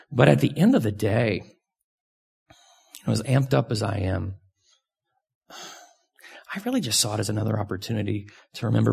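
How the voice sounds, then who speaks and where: A pastor preaching in a loose, conversational way, his voice heavy with gravel and grit. The tone runs husky and a little rough, and now and then he leaps upward in pitch for emphasis. It is a man speaking frankly to a congregation. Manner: conversational and candid, with sudden lively jumps in pitch. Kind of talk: sermon.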